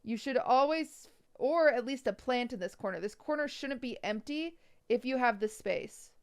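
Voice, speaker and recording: She speaks at normal speed in a slightly high, animated voice. During a casual livestream, this woman reviews viewers' bedrooms, teasing them with blunt, nitpicky design notes.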